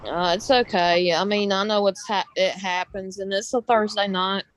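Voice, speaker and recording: A woman's voice: medium pitch, steady tone, normal speed, low-quality recording. A woman from North Carolina with a Southern mountain accent, hosting a casual livestream chat in an easygoing, chatty way. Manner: easygoing, chatty, lots of fillers. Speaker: livestream host.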